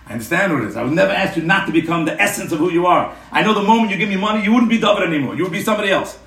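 A man playing a proud, poor older man who calmly reassures his best friend, heard from a distance in a roomy space. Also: sits high, very fast. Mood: reassuring. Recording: roomy room, mic at a distance.

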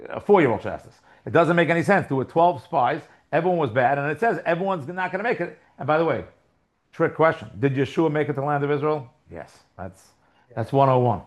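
Man, class teacher, chatty and questioning, slightly high voice. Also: expressive, fairly quick. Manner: conversational, repeats and restarts, asks the class questions. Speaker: Torah teacher. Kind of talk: live class lecture.

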